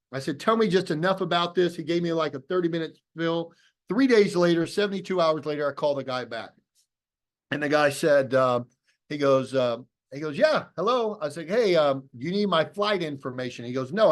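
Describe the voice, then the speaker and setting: A man presenting a business opportunity delivers a motivational talk over a video call, recounting a story and voicing both parties in remembered exchanges. His voice is a little high and expressive, at a moderate pace.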